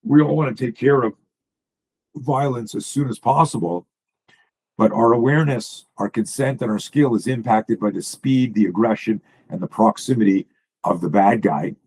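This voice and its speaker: A man, a self-defense coach, explaining drills while sharing slides on a video call, blunt and profane in an animated way. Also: medium pitch, moderate pace, breathy edge, low-quality recording.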